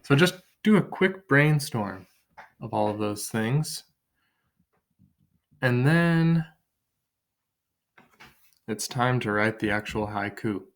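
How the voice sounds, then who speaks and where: A man's voice: medium pitch, animated, slow pace, long pauses. A man teaching an online writing lesson from his kitchen table, thinking aloud and counting syllables as he drafts.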